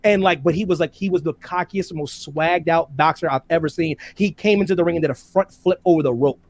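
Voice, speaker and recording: A man co-hosting a casual debate show, animated, talking about fighters and slipping into quick impressions of them. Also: no echo. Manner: animated, swings loud and high when excited; impersonates fighters mid-talk.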